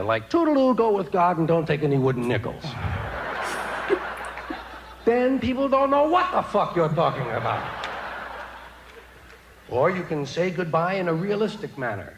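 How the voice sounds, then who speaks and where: Sardonic stand-up comic, live stage recording. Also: male voice, a little high, big pitch swings, normal speed, noisy background. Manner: wry, sardonic delivery. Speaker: stand-up comedian. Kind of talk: stand-up comedy routine. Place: stage before a laughing audience.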